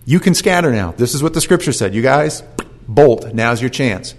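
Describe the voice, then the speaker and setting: A man's voice: mid-range voice, normal speed. Folksy storytelling male preacher. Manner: folksy, animated storytelling with asides. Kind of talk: sermon.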